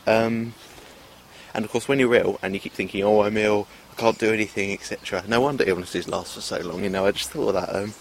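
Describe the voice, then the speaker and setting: A man's voice: fairly low pitch, fast talker, vocal fry, a little hiss or hum. A man talking to camera in a rambling, hesitant monologue, full of fillers and restarts. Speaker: vlogger. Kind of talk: casual self-filmed monologue.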